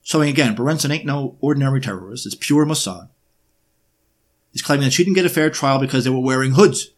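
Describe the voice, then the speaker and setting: A man giving a lecture-style monologue, often pausing on fillers and throwing in sarcastic rhetorical questions. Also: medium pitch. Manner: frequent filler hesitations.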